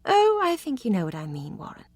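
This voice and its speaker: A woman's voice: a little high, wildly swooping pitch, brisk, darkish tone, no room sound, pitched above the performer's own voice. Teasing young regency lady voiced by a woman, coquettish, arch, dry close sound.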